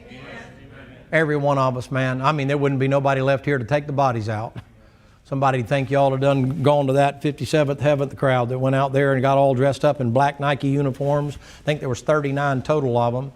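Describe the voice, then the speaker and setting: A man's voice: mid-range voice, flat delivery, a little fast, a little mellow. A man preaching a sermon in a church, folksy and plainspoken, acting out the dialogue of the people in his story. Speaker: pastor. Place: church sanctuary.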